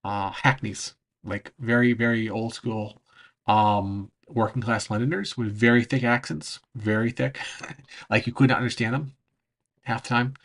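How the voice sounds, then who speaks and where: A man chatting casually on a livestream, answering chat, rambling and often pausing to search for words, with frequent laughs. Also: medium pitch, fairly even intonation, a bit bright. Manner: laughs between phrases. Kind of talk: casual livestream chat over travel footage.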